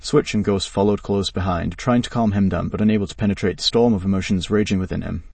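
Low husky guy reading a story, dry sound, set back from the mic. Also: fairly even intonation, fast talker, a little mellow, dry recording, far from the mic. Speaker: narrator.

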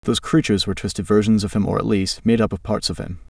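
A man's voice: on the low side, flat delivery, brisk, gravelly, darkish tone, no echo, studio quality, distant mic. A man voicing an angry young male sword fighter in a storybook, blunt and growling. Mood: grim.

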